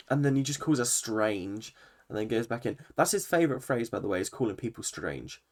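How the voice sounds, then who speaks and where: A man talks straight into his own channel, recapping the latest reality TV episode in a loose, ranting way. He is opinionated and animated, swears freely and jumps between asides, and his voice sits at an ordinary middle pitch for a man. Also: fairly quick. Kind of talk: ranting reaction commentary.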